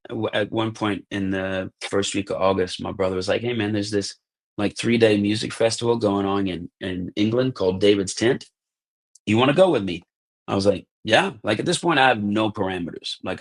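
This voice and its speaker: An American man in his thirties with a lowish voice tells casual stories as a podcast guest. He's animated, acts out what the people in them said, and keeps saying "like" and "bro."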